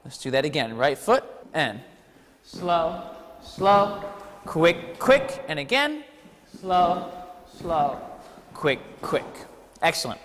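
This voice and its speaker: Lively male dance teacher counting steps. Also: fairly high pitch, slow, in a large hall. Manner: energetic, counts steps aloud, playful asides. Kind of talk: teaching a ballroom dance class. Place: dance studio hall.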